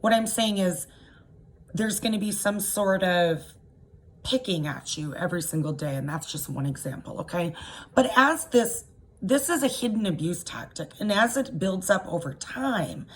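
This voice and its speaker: A woman coach explaining a topic in an informal, chatty way, often checking in with her listeners. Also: fairly low pitch. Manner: chatty, explanatory, frequent "okay?" check-ins. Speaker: life coach. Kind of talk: informal talk to camera.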